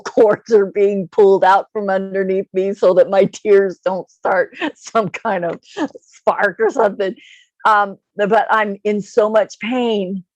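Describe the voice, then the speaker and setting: A woman's voice: medium pitch, no echo. A woman telling a personal story in a casual chat, emotional and laughing often as she talks. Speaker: guest.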